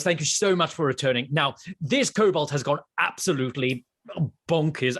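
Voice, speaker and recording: A man voicing a polite, fussy male ghost researcher who speaks in genteel, halting phrases. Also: a little high, fairly bright tone, no echo, studio quality. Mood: pleading. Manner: halting, full of ums.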